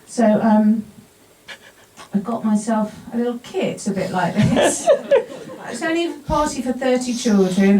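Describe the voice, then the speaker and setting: A woman's voice: mid-range voice, warm tone, slight background noise. A woman, an actor telling a humorous personal story to a live audience, laughing often at herself. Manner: self-deprecating, laughs often at her own story. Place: bar event space before an audience. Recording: roomy sound from a distant mic.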